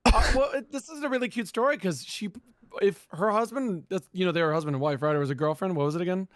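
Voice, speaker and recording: A man's voice: sits high, fast, no room sound, clean studio sound. A man co-hosting a casual podcast, reacting eagerly and joking along with the guest's story. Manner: upbeat, reacts eagerly, jokey. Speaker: podcast co-host. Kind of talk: casual chat.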